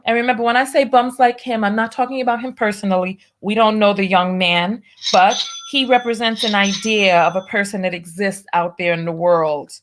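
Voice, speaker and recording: Female host, animated commentary voice, preachy tone, reads donations aloud. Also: a little hiss or hum. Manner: lively, preachy, drawn-out emphasis with big pitch swings. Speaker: show host. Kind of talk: commentary and reading viewer donations.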